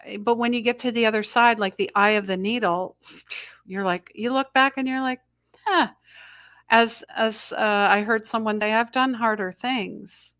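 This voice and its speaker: A woman's voice: on the high side, fairly even intonation, moderate pace, fairly bright tone, dry recording. Middle-aged woman host, spiritual live talk, rambling and self-interrupting, dry close sound. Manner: rambling, self-interrupting, channels messages she hears. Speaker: intuitive astrology host. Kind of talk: live spiritual energy update.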